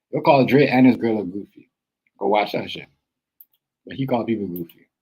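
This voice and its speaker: Husky-voiced man livestreaming to chat. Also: medium pitch, poor audio. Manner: animated, repetitive, streetwise slang, addresses chat directly. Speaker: livestream host. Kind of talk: casual livestream talk to chat.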